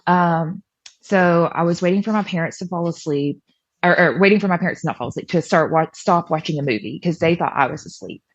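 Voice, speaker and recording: A young woman tells her story casually, leaning on fillers and acting out what others said. Her voice sits on the low side. The recording is dry and a little dull. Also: a little fast, no echo. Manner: chatty, many fillers, acts out quoted voices. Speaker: podcast guest.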